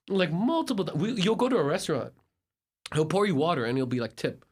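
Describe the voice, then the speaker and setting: An American man, a podcast guest, telling travel stories in a casual, animated way, laughing and acting out the people he quotes. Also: on the high side, fast talker, husky. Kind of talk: casual storytelling.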